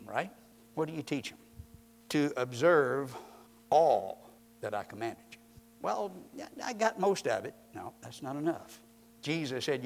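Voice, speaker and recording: A man preaching a sermon, emphatic and rising in force on repeated points, quoting scripture at a slower, measured pace. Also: medium pitch, a little hiss or hum.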